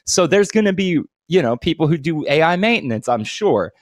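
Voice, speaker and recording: Man, podcast co-host, casual chat, animated storyteller, slightly high voice, dry close mic. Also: fairly quick, no room sound. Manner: animated storytelling, swears a lot, acts out voices.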